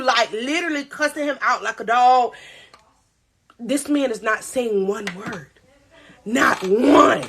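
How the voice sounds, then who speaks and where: A woman in her twenties telling a storytime on a live vlog, animated and slangy, laughing as she goes. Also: sits high, slow pace. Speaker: vlogger.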